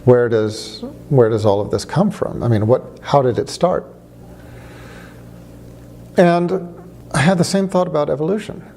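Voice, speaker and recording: A man's voice: fairly high pitch, measured pace, creaky, pauses often, mellow, slight background noise. A man arguing his case in conversation, with rhetorical questions and wry storytelling. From United States. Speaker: speaker on religion. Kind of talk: conversational argument to camera.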